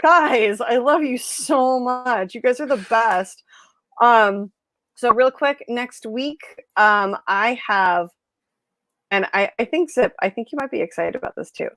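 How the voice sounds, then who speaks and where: A woman's voice: a little high, measured pace, no room sound. Chatty woman host, dry close sound. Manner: chatty storyteller, animated quoted voices. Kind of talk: casual chat on a livestream.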